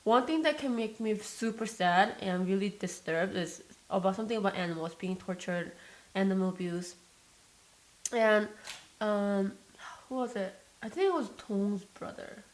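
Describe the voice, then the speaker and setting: A woman's voice: mid-range voice, normal speed, rough recording. Rambling young woman vlogger. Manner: rambling, emotional, many fillers and restarts. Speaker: mukbang vlogger. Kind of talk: casual chat while eating. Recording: staticky mic noise.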